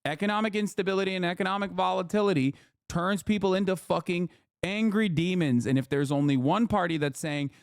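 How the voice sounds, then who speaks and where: A man's voice: high voice, brisk, vocal fry, smooth, dry recording, studio quality. A man ranting through political commentary on a live stream, heated and emphatic, with heavy swearing. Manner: emphatic, repeats "okay?".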